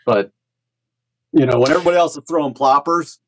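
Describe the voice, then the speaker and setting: A man's voice: on the high side, brisk, slight background noise, low-quality recording. A man on a podcast, a guest talking casually about his fishing, rambling a little with restarts. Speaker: podcast guest, kayak bass angler. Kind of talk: casual chat.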